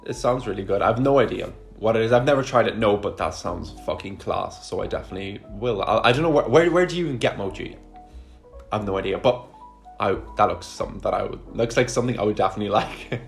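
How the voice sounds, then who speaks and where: Chatty young man, low voice. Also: quick pace, gravelly, faint music behind. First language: Russian. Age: 20s. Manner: chatty and enthusiastic, swears often. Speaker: vlogger. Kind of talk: casual Q&A chat to camera. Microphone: camera he sets up himself.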